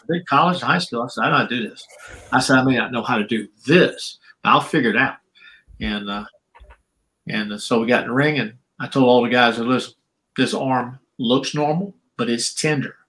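An older man, a former pro wrestler telling long stories in a podcast interview and acting out the voices he quotes. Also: rough recording. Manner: animated storyteller, acts out quotes with shifting pitch. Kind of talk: storytelling interview. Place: podcast recording.

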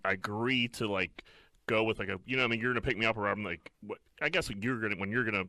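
A man on a podcast, blunt and profane, firing off quick reactions in a casual group chat. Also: fairly low pitch, pushed and bright, no room sound.

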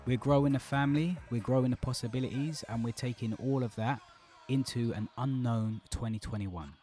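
A man's voice: mid-range voice, a little fast, warm tone, faint music behind. A man hosting a podcast, talking in a casual, joking way. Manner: joking, teasing. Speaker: podcast host. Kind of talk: casual chat. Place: remote call.

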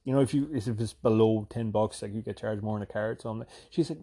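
A man from Ireland with a softened Irish accent, rambling through a casual, profane, self-deprecating vlog monologue. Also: fairly low pitch, fast. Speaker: vlogger.

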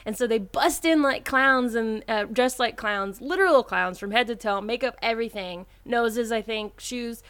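A woman's voice: fairly high pitch, moderate pace, hardly any pauses, a bit bright, clear, resonant tone. A woman hosting a casual chat, enthusiastically retelling a comic plot.

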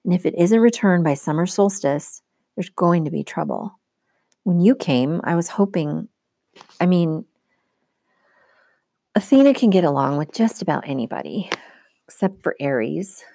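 A woman's voice: lowish voice, animated, a little slow, pauses often, dark tone, no room sound. A woman reading as an earnest, frustrated teen girl. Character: determined teen girl, demigod camper.

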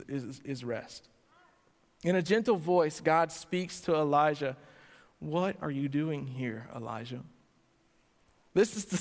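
Guy preaching a sermon in church, kinda high voice, keeps asking the crowd questions, big echoey hall. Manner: asks the congregation direct questions, swings between loud emphasis and quiet lines. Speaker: pastor. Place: church sanctuary before a congregation. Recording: long hall reverb.

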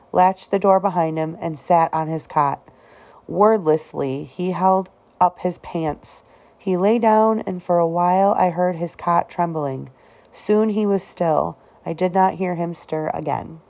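Low, gravelly-voiced woman reading a novel. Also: unhurried, dark tone. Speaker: audiobook reader.

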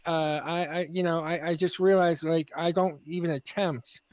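An American man co-hosting a podcast, talking in halting casual chat with restarts and swearing. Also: on the high side, steady tone, a little mellow. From United States. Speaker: podcast co-host.

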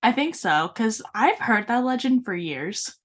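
A woman's voice: on the high side, very animated, a little slow. A woman co-hosting a casual podcast, rambling with lots of fillers. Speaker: podcast co-host.

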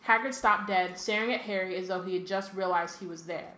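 A woman's voice: medium pitch, steady tone, bright, forceful tone. A woman podcast co-host who reads a novel aloud and chats casually, correcting herself often and filling gaps with 'like' and 'um'. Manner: quick reading with frequent self-corrections and fillers. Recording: echoey room with faint ambient noise.

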